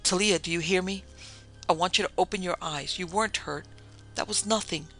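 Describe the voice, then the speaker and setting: A man plays a hard-drinking man of affairs who snaps out short commands in an audiobook. The voice is gravelly with a sharp, bright edge and sits a little high. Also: moderate pace, soft background music, full character voice. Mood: frantic. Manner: abrupt, commanding.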